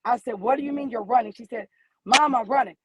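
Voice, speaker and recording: A woman's voice: fairly high pitch, quick pace, highs cut off, heavy background noise. A middle-aged woman calling in from her car, telling a personal story with feeling and acting out the voices in her dialogue. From American Midwest. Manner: animated storyteller who acts out dialogue. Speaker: guest caller, mother. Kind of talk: emotional personal account by phone from her car.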